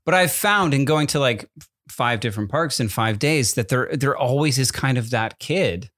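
A podcast co-host in his thirties chats casually, telling a rambling story and correcting himself again and again. His medium-pitched voice is animated and a bit bright, he speaks at normal speed, and there is no echo.

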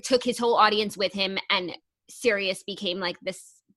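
A woman's voice: medium pitch, moderate pace, pushed and bright, a little hiss or hum. A young woman co-hosting a podcast in casual chat, chatty and full of "like.". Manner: chatty, heavy use of "like". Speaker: podcast co-host.

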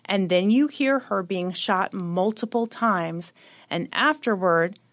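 A woman co-hosting a casual true-crime chat, retelling the details of a case with wry, dark jokes. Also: mid-range voice, takes it slowly. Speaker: podcast co-host.

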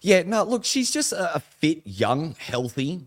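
A man's voice: a little high, big pitch swings, a little slow, dry recording, clean studio sound. A man with an Australian accent chatting bluntly and laid-back as a guest, with frequent stammers. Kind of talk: casual chat.

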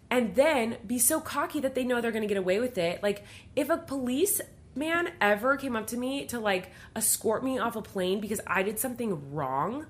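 A young woman hosting a casual podcast, telling a story in a chatty way and saying "like" a lot. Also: on the high side. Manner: chatty, heavy use of "like", animated retelling.

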